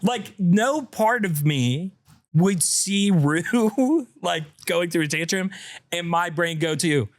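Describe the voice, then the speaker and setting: A man's voice: high voice, expressive, dry recording. A man co-hosting a casual podcast, bantering in a laid-back way. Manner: laid-back banter, quick reactions and laughs. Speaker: podcast co-host.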